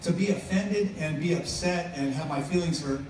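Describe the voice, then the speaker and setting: A man's voice: fairly high pitch, normal speed. Joking middle-aged male guest preacher, echoey. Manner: joking, chatty, self-interrupting. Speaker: guest speaker. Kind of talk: casual sermon. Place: church venue. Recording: echoey hall from far off, faint noise.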